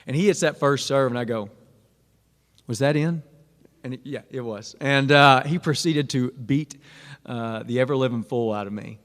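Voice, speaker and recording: A man's voice: mid-range voice, moderate pace, fairly bright tone. A man, casually telling a self-deprecating personal story to students. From Arkansas. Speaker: speaker at a Catholic student event. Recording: long hall reverb.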